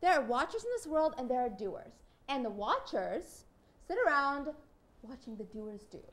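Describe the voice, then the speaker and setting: A woman's voice: sits high, big pitch swings, moderate pace, exaggerated voice. A woman playing a fiery young newlywed wife. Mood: heated. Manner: swings between loud outbursts and hushed lines. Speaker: wife Corie.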